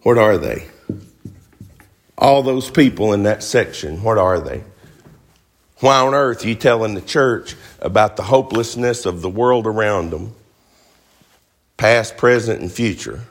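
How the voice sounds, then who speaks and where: A man's voice: fairly low pitch, a little slow, long pauses. A man preaching a sermon, emphatic, firing rhetorical questions at the congregation.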